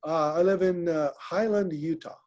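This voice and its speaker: A man's voice: fairly high pitch, moderate pace, a little mellow, highs cut off. A man hosting a group video call, asking questions and giving brief, friendly affirmations. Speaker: host.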